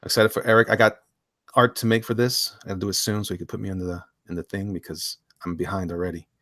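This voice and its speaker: A man's voice: low voice, little pitch movement, fast, a bit bright, no room sound, studio quality. A man hosting a casual chat show, flipping through comics, often laughing and repeating himself. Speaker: host.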